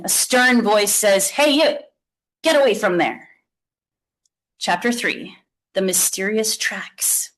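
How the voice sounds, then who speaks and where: Woman reading a kids book out loud, lively expressive. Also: medium pitch, low-quality recording. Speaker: author reading. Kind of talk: reading a children's book aloud.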